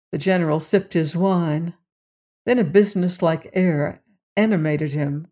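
A narrator reading a short story as an audiobook in a measured, deliberate way. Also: mid-range voice, steady tone, darkish tone.

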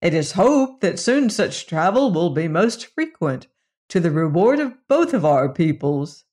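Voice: mid-range voice, very animated, measured pace, darkish tone. An audiobook reader voicing a courteous male Earth visitor who speaks in flowery phrases.

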